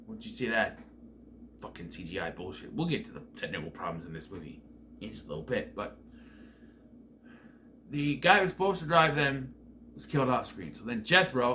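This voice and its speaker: A man's voice: mid-range voice, sharp tone, slight background noise. A man giving a casual spoken movie review, exasperated and swearing often. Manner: exasperated, profane ranting.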